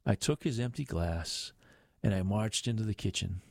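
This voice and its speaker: An older male narrator reading his memoir at a measured, reflective pace. His voice sits low. The recording is close and dry. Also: vocal fry, a little mellow, dry recording.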